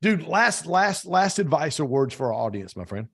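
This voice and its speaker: A man's voice: on the high side, sing-song, normal speed, vocal fry, a bit bright, husky. A man hosting a podcast interview, telling stories with emphatic repeated phrases. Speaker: podcast host. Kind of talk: casual interview chat.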